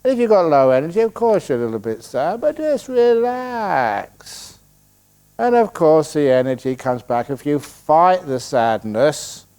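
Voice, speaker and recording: A man's voice: a little high, lively intonation, normal speed, hardly any pauses, dark tone, clear, resonant tone. Joking older Englishman teaching meditation. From England. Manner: joking, storytelling, acts out quoted voices. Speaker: Buddhist meditation teacher answering questions. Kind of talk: humorous Q&A talk at a retreat. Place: meditation hall.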